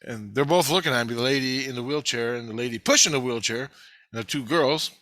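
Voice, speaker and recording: A man recounting a personal experience in a loose, rambling way, cursing freely and chuckling at his own tale. His voice is bright and edgy, recorded close and dry with no room echo. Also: mid-range voice, quick pace. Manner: blunt, rambling, swears freely, laughs at himself. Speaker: vlogger. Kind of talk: casual storytelling.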